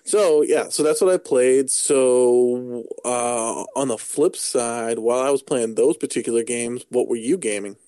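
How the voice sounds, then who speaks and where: A man's voice: medium pitch, unhurried, hardly any pauses, warm tone, no echo. Rambling man chatting about games. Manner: rambling, jokey, many fillers and restarts. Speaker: podcast co-host. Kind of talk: casual gaming chat.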